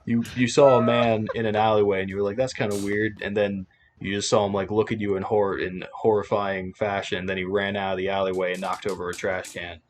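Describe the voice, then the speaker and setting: Male podcast co-host, low-pitched, playful scenario-teller, slight noise behind. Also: level tone, a little fast. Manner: spins silly hypothetical scenarios, laughs often. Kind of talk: casual chat among friends.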